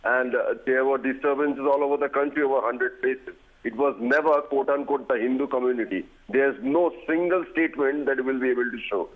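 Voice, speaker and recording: A man's voice: mid-range voice, fairly quick. A man answers a challenge on a news panel, formal and defensive. His voice is thin and tinny, like a phone line. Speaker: panel guest. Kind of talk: remote TV debate rebuttal.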